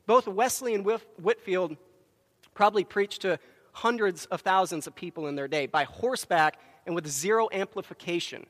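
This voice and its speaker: In a church sanctuary, a man with a strikingly high voice for a man preaches a Sunday sermon into a microphone at a moderate pace. He tells stories with emphatic, acted-out quotes, and a long reverb trails after his words.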